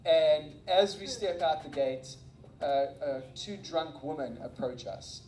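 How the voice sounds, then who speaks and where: A man preaching as a guest speaker and missionary, telling stories in an animated, self-mocking way. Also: on the high side, slow pace, slight background noise. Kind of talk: energetic sermon with storytelling. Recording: echoey room.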